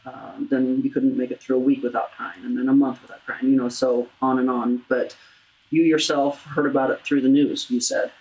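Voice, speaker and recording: A woman with a low, steady voice hosts an intimate interview about loss. She speaks earnestly, often restarting her sentences as she works through hard memories. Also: low-quality recording. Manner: earnest, halting, with many restarts. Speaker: talk show host. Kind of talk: heartfelt interview about grief.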